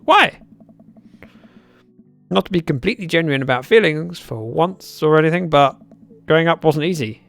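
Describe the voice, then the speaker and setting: A man's voice: a little high, fairly bright tone. A man voicing a sarcastic teenage daughter in a dating game. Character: teenage girl, sarcastic but loving daughter.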